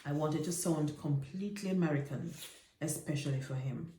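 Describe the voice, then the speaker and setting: A woman who teaches literature, reading a novel aloud in a careful, measured way. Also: deep voice, mellow, slight background noise. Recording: echoey room.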